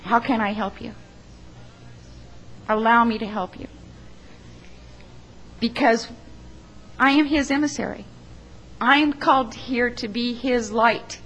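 A woman who works as a funeral arranger, sharing an earnest, emotional testimony in church, halting at times. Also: a little high, fairly bright tone, rough recording.

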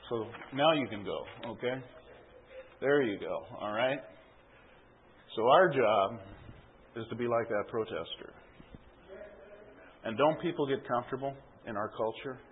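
A man's voice: medium pitch, moderate pace, long pauses, slight background noise. A man preaching a sermon, telling an illustration story and often adding a checking "okay?". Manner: storytelling with frequent tag "okay?". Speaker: pastor. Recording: tinny phone-like sound.

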